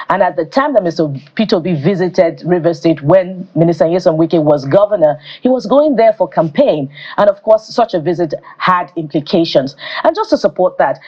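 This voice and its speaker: A woman, co-hosting a morning news panel in a measured way. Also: on the low side, a little mellow, dull audio. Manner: measured, reads legal text aloud. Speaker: news show co-host. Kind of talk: studio panel discussion.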